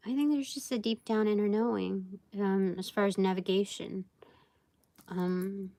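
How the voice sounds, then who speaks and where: A woman's voice: mid-range voice, vocal fry, dark tone, dry recording. A woman giving a casual live tarot reading, rambling and thinking aloud with many fillers. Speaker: tarot reader.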